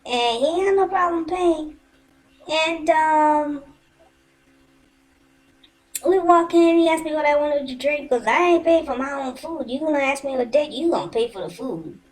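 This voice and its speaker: A woman telling a personal story in a casual, animated and colloquial way, swearing freely. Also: sits high, moderate pace, pauses often, low-quality recording.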